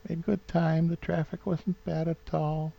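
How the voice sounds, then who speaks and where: A man's voice: a little high, little pitch movement, measured pace, creaky, muffled recording. A man in his fifties with a New England accent rambles sentimentally through a home vlog, full of fillers and restarts. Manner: sentimental, gets openly emotional. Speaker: vlogger.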